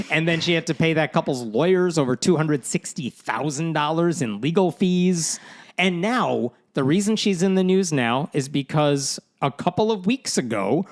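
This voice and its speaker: Male podcast host, slightly high voice, lively sarcastic storyteller. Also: normal speed. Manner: animated storytelling with sarcastic asides. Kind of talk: casual podcast chat.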